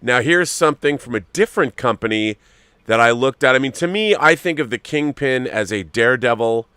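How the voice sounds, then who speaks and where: A man's voice: mid-range voice, animated, a little fast, bright, forceful tone, clean tone, no room sound, studio quality. A man hosting a casual chat, musing and hesitant as he talks, with plenty of fillers. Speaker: host. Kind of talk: casual chat reviewing collectible figures.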